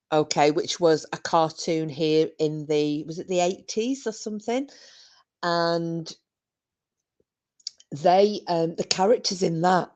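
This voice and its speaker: A woman's voice: on the low side, a little mellow. A woman hosting a podcast, reminiscing in casual chat, giggly and full of fillers. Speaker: podcast host.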